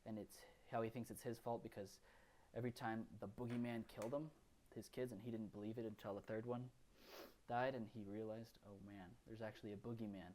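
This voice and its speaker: A man's voice: fairly low pitch, level tone, fairly quick, a little mellow, slight background noise. A man co-hosting a podcast, recapping films in casual, rambling chat full of fillers and restarts. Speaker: podcast co-host.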